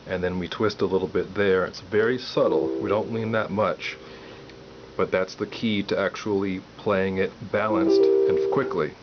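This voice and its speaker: A man giving a piano lesson, calmly explaining step by step and counting aloud. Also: low voice, normal speed. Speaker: piano teacher. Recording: dull lo-fi audio with loud piano.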